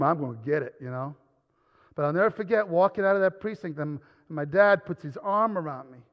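A man preaching a sermon, his voice sitting a bit high for a man. The sound is slightly dull and trails off into a long hall reverb. He tells his story in a hushed, personal way and then builds to a loud, passionate delivery. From New Rochelle, New York. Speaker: pastor.

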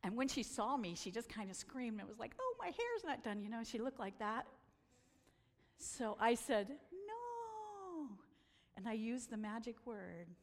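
A woman telling stories from a slideshow talk, animated and acting out the voices she quotes. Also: a little high, moderate pace, in a large hall. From United States. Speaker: speaker presenting photos.

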